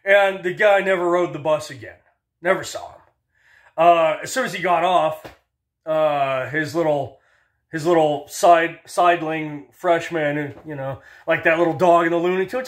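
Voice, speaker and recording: A man's voice: a little high, normal speed. A man in his thirties telling stories and ranting in casual commentary, swearing and acting out other people's voices. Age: 30s. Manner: animated storyteller, swears, acts out voices.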